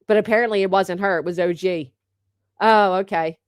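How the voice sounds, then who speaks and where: Brief: thirties woman, live-stream host, mid-pitched, brash and chatty, swears, teases the chat; close, dry recording. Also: steady tone, moderate pace, smooth, no room sound. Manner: brash, chatty, swears freely, teasing viewers. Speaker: livestream host. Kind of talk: casual live-chat banter.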